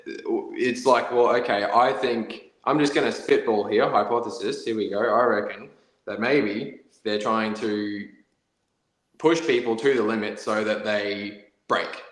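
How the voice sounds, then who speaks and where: A low-voiced man on a casual podcast, thinking his ideas through out loud. He sounds like he is in an echoey room. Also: fairly even intonation, a little slow. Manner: musing, thinking aloud. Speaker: podcast co-host. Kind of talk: casual political chat.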